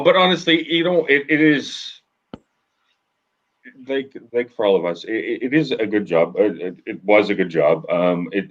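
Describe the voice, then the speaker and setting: A man speaking as a guest in a casual chat, hesitant with frequent restarts. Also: sits low. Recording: dull muffled mic.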